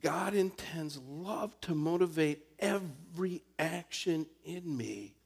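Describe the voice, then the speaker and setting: A man's voice: on the high side, slow pace, gravelly, breathy edge. A man preaching a sermon as a pastor, telling a personal story earnestly and building to emphatic points.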